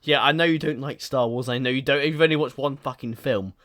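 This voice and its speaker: A young man hosting a casual podcast chat, laughing often, swearing and slipping into quick impressions. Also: medium pitch, a bit bright. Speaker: podcast host.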